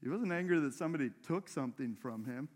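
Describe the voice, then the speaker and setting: A man's voice: medium pitch, animated, fast, a little mellow. Man preaching in a conversational way. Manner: conversational preaching, asks the congregation questions. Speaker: pastor. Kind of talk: sermon. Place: church.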